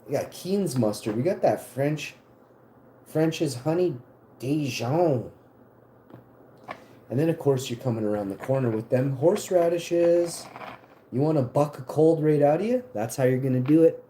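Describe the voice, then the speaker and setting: A man's voice: fairly high pitch, unhurried, dark tone, echoey room, a little hiss or hum, rough recording. A man hosting a casual livestream from his home kitchen, cooking while he rambles, jokes and cuts himself off mid-thought. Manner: joking, meandering, self-interrupting. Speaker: livestream host.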